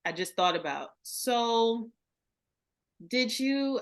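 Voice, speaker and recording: A woman's voice: on the high side, lively intonation, slow. Woman casually asking interview questions. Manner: informal, colloquial questioning. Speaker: interview host.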